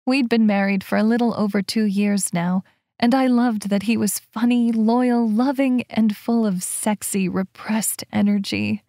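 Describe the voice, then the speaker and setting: Female audiobook narrator, mid-range voice, close dry recording, steady storytelling read. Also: mid-range voice, unhurried, no room sound. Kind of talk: scripted narration.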